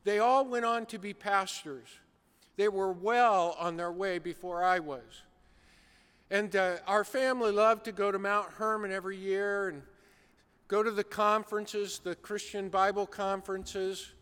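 Preacher, male, high bright voice, unhurried animated storytelling, long reverb of a big hall. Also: clean tone. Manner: animated storytelling, acting out a shouting coach. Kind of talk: sermon.

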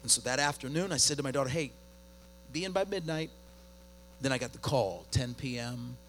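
A middle-aged man preaching a sermon, telling a story with big swings between quiet and loud. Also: medium pitch, expressive, fairly quick, slight background noise. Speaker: pastor.

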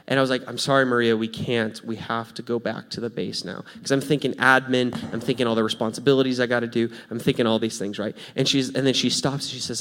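A man preaching, telling a story in a casual, animated way, going from hushed to loud. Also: mid-range voice, fast. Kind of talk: sermon storytelling.

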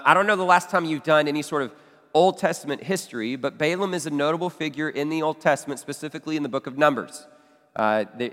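Male pastor, teaching sermon, conversational asides, mid-pitched voice, long hall echo. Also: a bit bright. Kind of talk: expository sermon.

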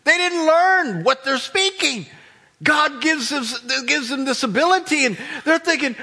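A man with an American accent preaching a sermon, telling the story in an animated way and acting out the voices of the people in it. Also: very high-pitched, measured pace. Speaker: pastor.

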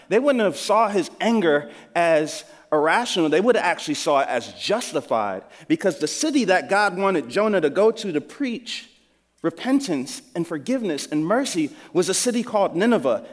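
High-voiced pastor preaching in a hall. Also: male voice. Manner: earnest, conversational storytelling. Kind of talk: sermon. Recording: long hall reverb.

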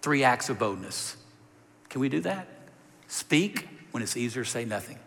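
A man preaching a sermon, telling a story with lively, direct appeals to the congregation. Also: mid-range voice, normal speed, vocal fry. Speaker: pastor. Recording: reverberant hall.

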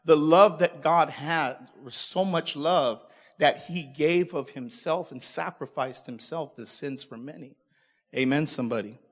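A man's voice: a little high, measured pace. Man preaching a sermon in an echoing hall. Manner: call-and-response, stumbling repeats.

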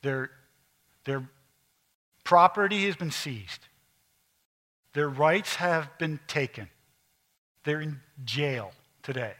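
Bright-voiced man preaching with emphasis. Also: fairly high pitch, takes it slowly, pauses often. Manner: emphatic preaching, drops to quiet intense asides. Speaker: pastor. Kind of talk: sermon.

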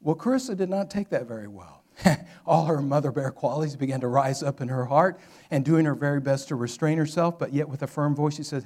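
A man's voice: fairly high pitch, a little fast. A man, possibly middle-aged, preaching a sermon and telling a story, often dropping to a near whisper for effect. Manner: storytelling with dramatic drops to a hush. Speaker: pastor.

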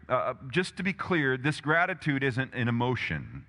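A man's voice: medium pitch, sing-song, moderate pace, few pauses, bright, forceful tone. A man preaching a sermon as pastor, emphatic and conversational, asking the congregation rhetorical questions. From Texas, USA. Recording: long hall reverb.

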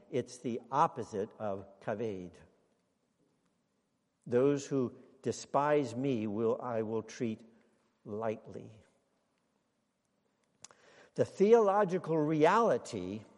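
Slow-preaching man in a reverberant hall. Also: on the high side, darkish tone. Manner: slow, deliberate preaching with emphatic exclamations. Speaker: pastor. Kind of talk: sermon.

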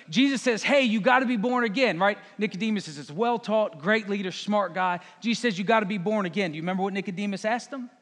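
A man preaching a sermon in a casual, conversational way, acting out the crowd and Jesus in quick asides. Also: high voice, a bit bright. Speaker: pastor. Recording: long hall reverb.

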